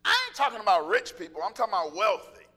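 A man preaching a sermon, animated and joking, acting out little voices and calling out to the congregation. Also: sits high, very fast. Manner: animated, joking, acts out voices, laughs often; calls out to congregation.

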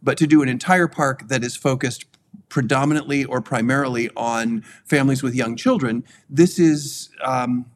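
A man in casual podcast discussion, his voice sitting at an average pitch. He talks in a measured, hesitant way, full of ums and restarts. A faint noise hangs under the recording. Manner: hedging, filler-heavy, measured. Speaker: podcast co-host.

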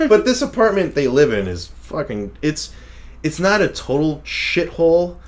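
A man's voice: a little high, sing-song, a little slow. A young man co-hosting a podcast and recapping a movie in casual chat. He rambles, laughs often and swears freely. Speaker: podcast co-host reviewing a movie.

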